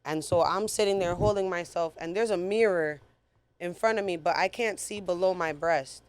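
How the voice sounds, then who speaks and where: A woman's voice: on the low side, normal speed, clean tone, no echo. Blunt, profane woman telling her story. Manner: blunt, profane, animated retelling. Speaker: guest. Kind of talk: casual storytelling interview.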